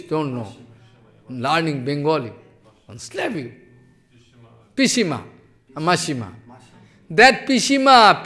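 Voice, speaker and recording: Spiritual teacher, male, slow high voice, broken English, lively teasing storyteller. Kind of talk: sermon.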